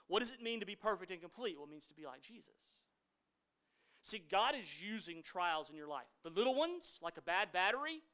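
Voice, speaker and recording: Bright-voiced man preaching a sermon. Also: sits high, very animated, fairly quick. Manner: dynamic preaching, swinging from loud emphasis to hushed asides. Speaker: pastor.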